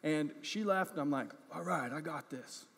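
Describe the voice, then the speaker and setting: A high-pitched male pastor, an adult parent, delivers a chatty sermon with personal storytelling at normal speed, his voice creaky with a breathy edge. He's conversational, often checking in with "right?" and "okay?", pokes fun at himself, and gets animated in the funny moments. He's recorded in a church sanctuary with church hall reverb.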